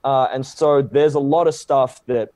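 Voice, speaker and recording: A man's voice: medium pitch, a little slow, no room sound. Australian man telling a story. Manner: animated, laughing, acts out quoted voices. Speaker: guest actor. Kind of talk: casual storytelling.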